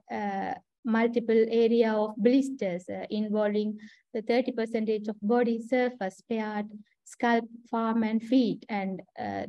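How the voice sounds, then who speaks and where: A woman's voice: a little high, dry recording, muffled recording. A woman with a Sri Lankan accent giving a clinical case presentation, hesitant with many fillers and restarts. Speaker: trainee doctor presenting a case.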